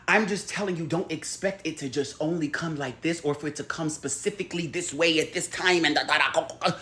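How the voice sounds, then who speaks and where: A man hosting a spiritual healing show, talking in a casual, animated, profane and playful way. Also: on the high side, quick pace, hardly any pauses. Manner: animated, profane and playful, acting out quoted voices.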